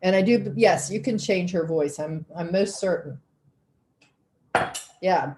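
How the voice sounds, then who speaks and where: A woman's voice: fairly low pitch, slow pace, long pauses, dark tone. Chatty woman teaching an online cooking class. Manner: chatty and folksy, thinking aloud. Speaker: cooking instructor.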